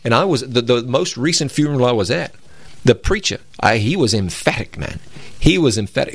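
Man, persuasive Bible-show co-host, mid-pitched, dry close studio. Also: big pitch swings, fast, no echo. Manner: emphatic, persuasive, repeats for stress. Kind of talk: conversational Bible teaching.

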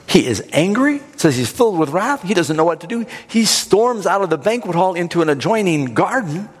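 A male pastor delivers a sermon, retelling a story with a lively, swooping voice and dramatic flair. His voice rings with a long reverb, as in a large hall. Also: high-pitched, a little fast, breathy edge.

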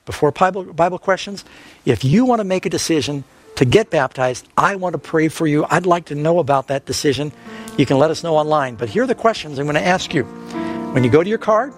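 A middle-aged man preaching an evangelistic sermon as a pastor, earnestly reading scripture and asking the audience questions. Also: on the high side. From Northern California.

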